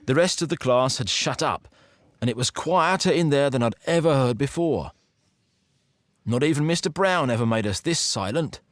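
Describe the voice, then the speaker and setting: A man reading a first-person ghost story aloud, building suspense with an expressive delivery. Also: medium pitch.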